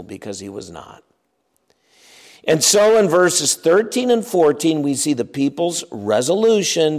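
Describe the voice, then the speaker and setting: A man preaching an expository sermon, emphatic and often repeating his words as he acts out the scripture scenes. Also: mid-range voice.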